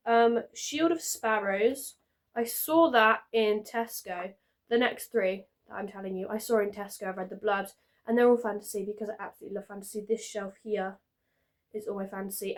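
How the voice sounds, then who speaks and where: A young woman chatting casually to the camera at home, rambling a little as she talks about her reading. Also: mid-range voice. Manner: rambling, chatty, self-interrupting. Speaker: reading vlogger. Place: at home, sitting on a bed with pillows.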